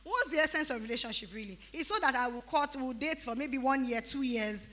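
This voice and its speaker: Nigerian woman, 30s, youth retreat speaker; bright high voice, playful scolding delivery. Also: brisk. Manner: animated, teasing, breaks into pidgin-flavored asides. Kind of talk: lively exhortation to teenagers.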